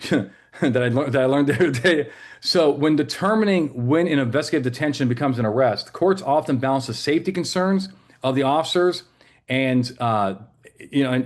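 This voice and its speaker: A man teaching police law in a live webinar, conversational and joking, with many fillers and restarts. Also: medium pitch. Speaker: legal trainer for police.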